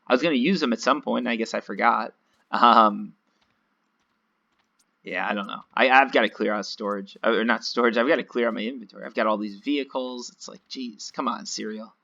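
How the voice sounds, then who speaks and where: A man's voice: medium pitch, a little fast, gravelly, pushed and bright, muffled recording. A man giving casual, rambling, self-mocking commentary while playing a video game. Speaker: gaming video host.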